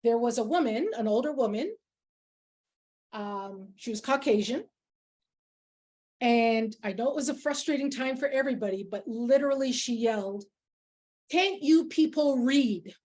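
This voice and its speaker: A woman's voice: a little high, moderate pace, long pauses, darkish tone. A woman leading a workplace workshop who talks in an earnest, emphatic way and tells personal stories to make her points. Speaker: workshop facilitator. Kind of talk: workshop talk with personal anecdotes.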